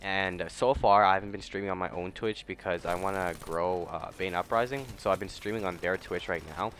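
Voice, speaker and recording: A young man with a slightly low voice narrates his own gameplay in a loose, rambling way. His talk drifts between topics, then he breaks into sudden profane jabs at other players. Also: steady tone, a little fast, a bit bright, a little hiss or hum. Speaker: gaming YouTuber and streamer. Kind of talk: casual gameplay commentary.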